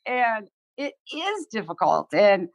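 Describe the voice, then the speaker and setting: A woman's voice: medium pitch, big pitch swings, slow, vocal fry. A woman in her sixties, a podcast guest talking candidly and earnestly, swearing freely. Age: 60s.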